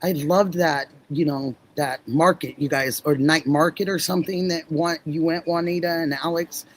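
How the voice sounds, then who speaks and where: A middle-aged woman hosting a livestream, chatting warmly with viewers, effusive and laughing often. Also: deep voice, steady tone, normal speed, low-quality recording. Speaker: livestream host. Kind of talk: casual chat with live viewers.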